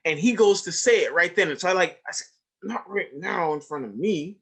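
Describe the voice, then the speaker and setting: A man's voice: sits high, fairly quick. A middle-aged man giving a webinar lecture to educators, telling classroom anecdotes in a conversational way and acting out the people he quotes. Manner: animated storytelling, acts out quoted students, drops to a hush for asides.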